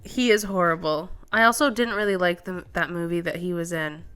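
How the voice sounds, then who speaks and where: A woman's voice: on the low side, fairly even intonation, a little fast, a bit bright, clean tone. A young woman co-hosting a podcast in casual chat, voicing strong opinions bluntly. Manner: opinionated, outspoken. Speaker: podcast co-host.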